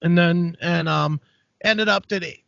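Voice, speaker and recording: A man hosting a podcast, telling a story in a casual, profane, animated way. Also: on the high side, measured pace, creaky, no echo. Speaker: podcast host. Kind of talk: casual chat. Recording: dry, dull lo-fi sound.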